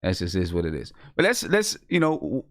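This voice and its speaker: A man hosting a podcast, talking in a laid-back, loose, halting way during casual opinion chat. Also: deep voice, wildly swooping pitch, no room sound, studio quality. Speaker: podcast host.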